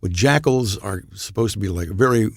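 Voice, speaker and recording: Gravelly older man telling stories. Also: fairly low pitch, expressive, normal speed, dry recording, studio quality. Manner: rambling anecdotal storytelling with chuckles. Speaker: voice actor guest. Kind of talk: casual podcast chat.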